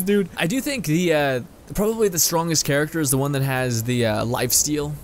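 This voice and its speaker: A young man from Canada rambles through casual let's-play commentary, laughing often and cursing at the game. His voice sits a little high. A faint hiss of noise runs under the recording. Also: fairly quick, hardly any pauses. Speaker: gaming YouTuber.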